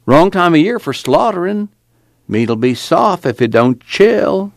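A man's voice: sits high, sing-song, a little slow, gravelly, dry recording, studio quality, voice pushed up, full character voice. A man reading aloud as a stubborn older farm uncle with a rural drawl. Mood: objecting.

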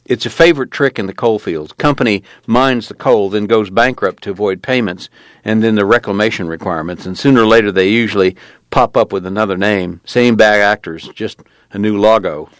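A man's voice: fairly low pitch, a little fast, no room sound, close to an everyday voice. A man voicing a matter-of-fact local man recounting a family's tragedy. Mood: grim.

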